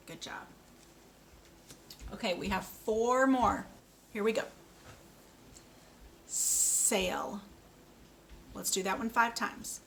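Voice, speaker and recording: A woman teaching a speech lesson for children, modelling each word slowly and clearly with patient coaching. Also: medium pitch, a bit bright, slight background noise. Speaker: speech therapist.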